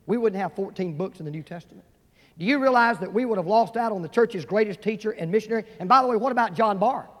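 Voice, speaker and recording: A man preaching a sermon as a pastor, telling stories and acting out the voices of the people in them. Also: sits high. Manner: storytelling preacher who acts out quoted voices. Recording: long reverb of a large hall.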